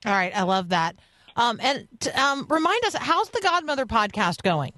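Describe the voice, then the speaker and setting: A woman's voice: fairly high pitch, sing-song, moderate pace, sharp tone, no room sound. A woman hosting a radio interview in a studio, friendly and reading out promos and listener requests. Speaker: radio host.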